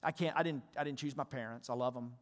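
Conversational pastor preaching in a reverberant church. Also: male voice, mid-range voice, fast talker. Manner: conversational, animated, asks the congregation questions. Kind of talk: sermon. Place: church sanctuary.

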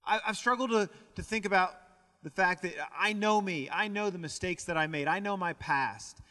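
High, bright-voiced young preacher in a church hall. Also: male voice, normal speed. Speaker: pastor. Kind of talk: sermon. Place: church sanctuary.

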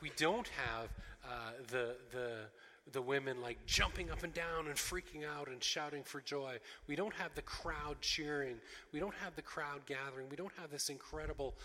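A male pastor preaching with an earnest, emphatic delivery, piling up repeated phrases and fillers. His voice is bright and forward, and it rings with a long reverb from a church hall. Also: medium pitch. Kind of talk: sermon.

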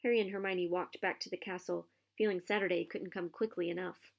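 A woman's voice: lowish voice, a little fast, gravelly. Woman reading a children's novel aloud. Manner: expressive storytelling.

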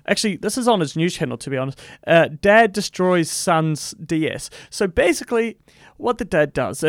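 A man's voice: fairly high pitch, no echo, clean studio sound. A man hosting a casual commentary podcast, rambling with many fillers and swearing in indignant rants. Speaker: podcast host.

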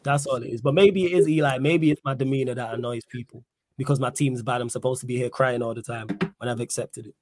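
A young man hosting a casual live-stream podcast, lively and slangy as he answers the chat. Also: mid-range voice, quick pace, no room sound. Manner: animated, reads chat aloud, slangy. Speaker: podcast host.

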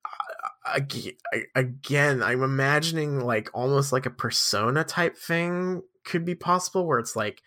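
A man's voice: medium pitch, a little slow, sharp tone. A man co-hosting a podcast in casual chat, rambling and jokey with lots of fillers. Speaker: podcast co-host.

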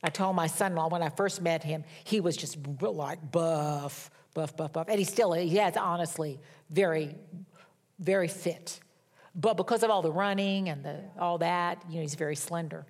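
A woman's voice: lowish voice, normal speed, a little mellow. A middle-aged woman preaching a sermon, telling a personal story in a candid, self-mocking way. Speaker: pastor.

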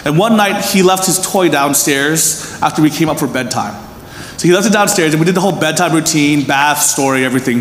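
A man in his thirties, a pastor giving a sermon, earnest, swinging from emphatic peaks to soft, hushed stretches. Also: on the high side, lively intonation, fairly quick, a little hiss or hum. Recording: echoey hall with long reverb, faint room ambience.

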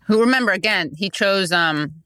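Bright, smooth-voiced wry host. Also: mid-range voice, moderate pace. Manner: chatty, wry asides. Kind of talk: casual interview chat.

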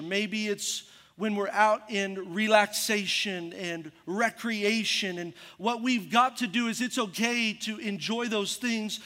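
High-voiced man preaching in a reverberant hall. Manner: animated storytelling, acting out voices. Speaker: pastor. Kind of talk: sermon.

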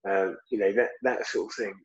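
A man's voice: on the low side, steady tone, a little fast, slightly rough, dull audio. A man co-hosting a music podcast, joking and rambling in casual chat. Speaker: podcast co-host.

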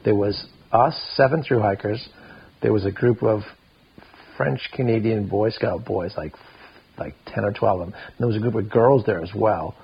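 A man's voice: fairly low pitch, moderate pace, vocal fry, husky, lo-fi sound. A middle-aged man, a podcast guest, telling a rambling story full of quoted back-and-forth. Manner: rambling, retells scenes with quoted dialogue. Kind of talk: casual storytelling.

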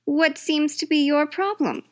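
A woman hosting a comedy cat call-in radio skit, with a cheery, brisk mock-broadcaster manner. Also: high-pitched. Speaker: host.

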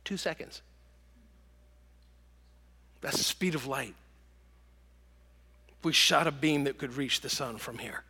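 A man preaching a sermon and telling stories, dropping to hushed whispers and rising to loud bursts. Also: medium pitch, slow, long pauses, breathy edge, in a large hall. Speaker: pastor.

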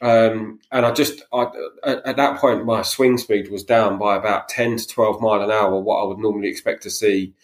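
A man's voice: lowish voice, fairly even intonation, normal speed, hardly any pauses, echoey room. A man chatting casually as a podcast co-host, telling stories with many fillers and restarts. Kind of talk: casual chat.

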